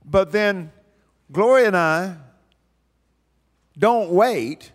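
A man's voice: fairly high pitch, lively intonation, unhurried. An older man preaching a sermon in a folksy, emphatic way, repeating phrases for stress. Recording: long hall reverb.

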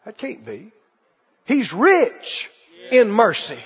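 A man's voice: very high voice, huge pitch swings, takes it slowly, fairly bright tone, husky. A man preacher delivering a fervent sermon and firing rhetorical questions at his congregation. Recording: dull recording with long hall reverb.

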